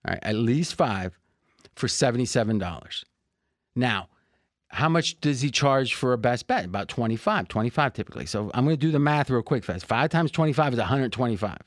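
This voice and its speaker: An American man hosting a sports betting podcast, chatting casually and joking as he pitches betting packages with a salesman's energy. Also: animated, moderate pace, no echo, clean studio sound. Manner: upbeat salesman-like, joking, laughs often. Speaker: podcast host.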